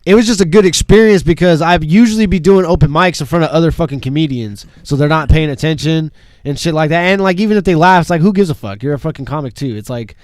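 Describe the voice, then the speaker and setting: Brash, profane comedian, dry close sound. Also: male voice, on the high side, fast talker, no echo. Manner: brash, animated, swears constantly. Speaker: podcast co-host and comedian. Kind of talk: casual profane chat.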